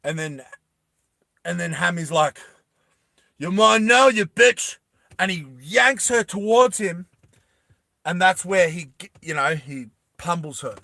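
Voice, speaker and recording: Young guy rambling excitedly to viewers, keeps correcting himself, bright voice, dry close sound. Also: a little high, measured pace, gravelly, dry recording. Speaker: animated film creator. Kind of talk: casual storytelling to viewers.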